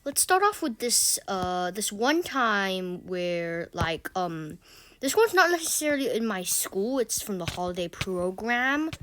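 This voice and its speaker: A woman's voice: medium pitch, sing-song, measured pace, a bit bright. A woman vlogger telling casual stories in a rambling way, with stammering restarts and exasperated asides. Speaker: gaming channel vlogger. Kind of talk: casual storytelling vlog.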